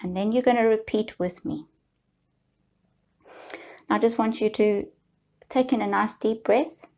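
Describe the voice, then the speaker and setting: A woman guiding viewers through a slow, soothing tapping session, leading them in repeated affirmations. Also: medium pitch, vocal fry, a little mellow. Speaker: EFT tapping guide.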